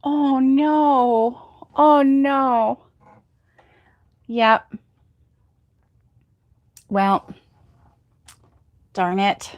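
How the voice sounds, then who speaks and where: Giggly female crochet streamer, slow easy delivery, dry close sound, reads chat comments aloud. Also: sits high, dry recording, muffled recording. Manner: giggly, laughs at her own puns. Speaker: crochet livestream host. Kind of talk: casual livestream chat telling corny jokes.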